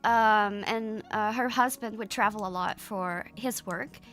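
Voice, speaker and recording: Bright-voiced young woman, rambling. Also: medium pitch, a little slow, soft background music. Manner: rambling and hesitant, many restarts and fillers. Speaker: streamer. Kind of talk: casual chat to viewers.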